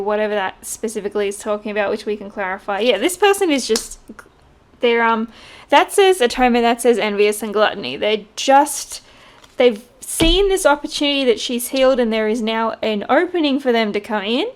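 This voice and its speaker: A woman giving a casual tarot reading, chatty and quick to laugh. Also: on the high side. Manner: chatty, laughs often, mimics voices in quotes. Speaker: tarot reader.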